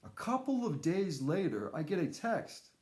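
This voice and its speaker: A man telling a casual spoken anecdote in a rambling, animated way, with fillers and restarts. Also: sits high, measured pace. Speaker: storyteller. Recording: echoey room.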